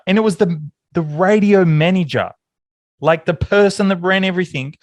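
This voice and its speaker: An Australian man co-hosting a podcast, chatting casually with a mate and telling stories in an animated way. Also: moderate pace, dry recording. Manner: animated storyteller, rises in pitch when excited. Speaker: podcast co-host. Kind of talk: casual chat between mates. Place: home office.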